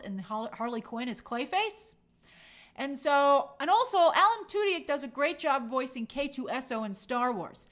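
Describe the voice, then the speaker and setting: A woman's voice: on the high side, a bit bright. A middle-aged woman hosting a casual trailer breakdown, chatty and opinionated, full of fillers and mock quotes. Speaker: film trailer reviewer and host.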